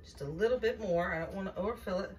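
In her kitchen, a fast-talking woman with a medium-pitched voice gives a chatty, folksy home-cooking demonstration, addressing viewers as y'all. A distant mic picks her up with faint background noise.

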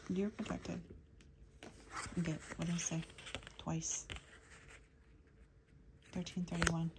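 Low-voiced woman giving a hushed tarot reading. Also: noisy background. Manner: low, hushed delivery drifting into whispers; rambling, listing names as they come. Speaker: tarot reader. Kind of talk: channeled tarot reading to viewers.

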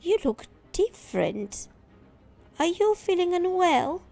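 Woman doing a young boy, storybook, high-pitched, loud, eager, exclaiming. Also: big pitch swings, slow, gravelly, soft background music, heavily acted. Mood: curious. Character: young boy hero, bold and frightened. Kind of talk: storybook reading.

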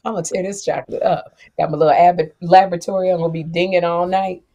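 A woman with a notably low voice trades teasing jokes in casual podcast banter. She is recording on a TV studio set after hours, and she talks like a comedian among friends. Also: fairly even intonation, fast talker, mellow. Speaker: co-host.

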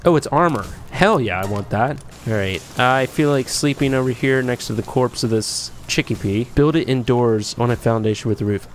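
A man's voice: medium pitch, a little hiss or hum. A young man giving chatty, playful commentary as he plays a game and talks to his creatures. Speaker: gameplay commentator. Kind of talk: casual gameplay commentary.

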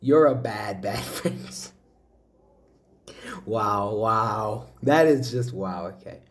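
A man's voice: lowish voice, drawn-out words. A man hosting a casual reaction video, exclaiming and repeating himself while chatting to his viewers. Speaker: video host.

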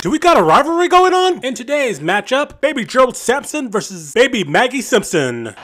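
A man doing a comedic roast voice-over, talking in animated slang, mock-outraged and shouting his jabs. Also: very high-pitched, moderate pace. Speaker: roast commentator. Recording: voice-over with loud music underneath. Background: music.

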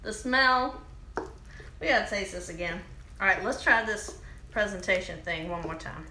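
A woman hosting a casual cooking demo, chatty and excitable, calling her viewers y'all. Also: mid-range voice, normal speed, roomy sound, noisy background. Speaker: cooking show host.

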